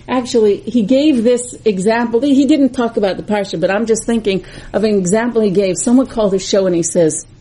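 A woman's voice: medium pitch, a little fast, mellow, low-quality recording. A woman teaching a Torah class, speaking earnestly and bluntly and repeating phrases for emphasis. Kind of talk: religious class talk.

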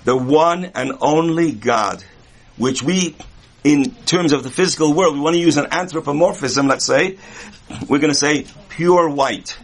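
A man's voice: a little high, measured pace. A man teaching a Kabbalah lesson in a conversational way, with humorous asides and rhetorical questions. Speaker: Torah teacher. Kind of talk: Kabbalah lecture.

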